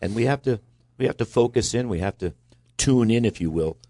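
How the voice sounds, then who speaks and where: A man's voice: mid-range voice, brisk, no echo, clean studio sound. A man hosting a Christian call-in radio show, leading a prayer and taking calls. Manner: prays and takes calls in a steady, calm way. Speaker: radio host and pastor.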